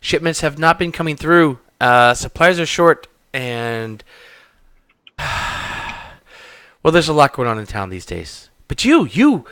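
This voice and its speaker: A man voicing a shrewd human woman in her forties who runs a trading post, flustered and quick to haggle and take offense. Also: a little high, very animated, a bit bright, no echo, clean studio sound, full character voice. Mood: grateful.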